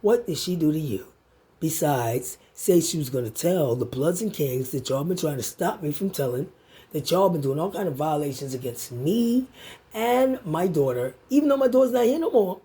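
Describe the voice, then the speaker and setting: A woman with a husky, breathy voice rants straight at the camera, swinging her pitch up and down as she taunts and curses someone. Her delivery is confrontational and profane. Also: lively intonation, moderate pace, mellow. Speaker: vlogger. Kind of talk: angry direct-to-camera rant.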